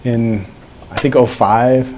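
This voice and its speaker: A man giving a meetup talk, telling his story in a relaxed, conversational way with fillers. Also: medium pitch, slow, slight background noise. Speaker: meetup speaker. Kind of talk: conference talk. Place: meetup room.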